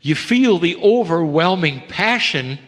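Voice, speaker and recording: Gentle man channeling in a reverberant hall. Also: sits high, animated. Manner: gentle, measured, emphatic pauses; addresses listeners as dear ones. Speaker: spiritual channeler. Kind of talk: channeled spiritual message to an audience.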